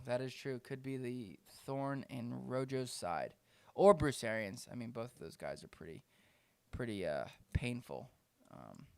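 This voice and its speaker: A man co-hosting a casual fantasy football podcast, reading out names with animated delivery and frequent laughs. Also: mid-range voice, creaky, no room sound, clean studio sound. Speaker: podcast co-host. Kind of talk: casual chat.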